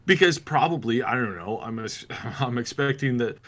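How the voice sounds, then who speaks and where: A man's voice: mid-range voice, expressive, moderate pace, a bit bright. Sarcastic ranting male podcast host. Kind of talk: casual podcast chat.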